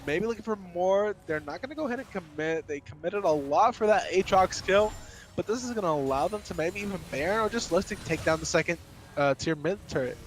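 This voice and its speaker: A man's voice: high-pitched, expressive, a little fast. A man doing play-by-play commentary on an esports match, speeding up when fights break out. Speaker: esports caster.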